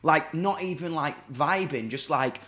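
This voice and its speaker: A man's voice: a little high, a little slow, crowd noise. A young man with a British accent telling a funny anecdote in casual chat. He swears freely and acts out the other people's lines as he goes. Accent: British English.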